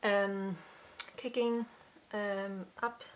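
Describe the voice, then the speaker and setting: A young adult woman hosting a casual crafts podcast, chatting in an unhurried way with many fillers and restarts, slightly out of breath at times. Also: mid-range voice, flat delivery, a little hiss or hum. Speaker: podcast host. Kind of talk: casual chat.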